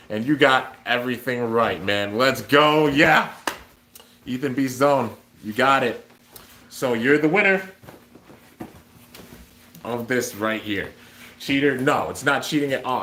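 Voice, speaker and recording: A man's voice: medium pitch, a bit bright. Upbeat young man in an echoey room. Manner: upbeat, chatty, reads out chat comments. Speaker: streamer hosting a toy giveaway. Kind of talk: casual livestream chat.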